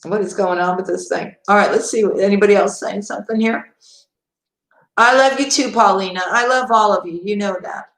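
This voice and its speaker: A woman's voice: mid-range voice, fairly quick, a bit bright, echoey room, rough recording. A woman tarot reader chatting to viewers on a live-stream reading, talking to them directly and laughing often.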